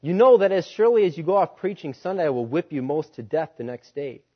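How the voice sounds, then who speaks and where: A man's voice: on the high side, moderate pace, lo-fi sound, lightly acted. A man barking as a harsh plantation master. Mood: pleading angrily. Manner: stern, barking threats.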